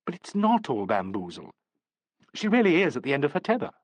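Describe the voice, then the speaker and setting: A man's voice: fairly high pitch, wildly swooping pitch, a little fast, no room sound. A man reading the part of an earnest young woman, a theatre dresser and understudy, in a pleading, apologetic way.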